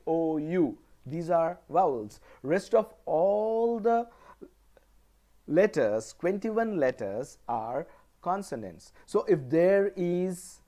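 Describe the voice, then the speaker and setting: A male college lecturer from India giving a pronunciation lesson, deliberately repeating example words one at a time. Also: sits high, warm tone.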